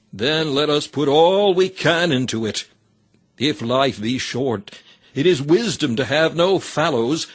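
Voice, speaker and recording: A man reading a sermon aloud in an earnest, exhorting manner with old-fashioned scriptural phrasing. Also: a little high. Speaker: reader of a sermon.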